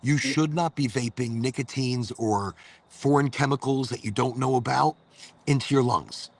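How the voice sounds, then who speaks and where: A man hosts a casual chat, a loose, rambling storyteller who swears a lot. His voice is medium-pitched and creaky, moving at a normal speed.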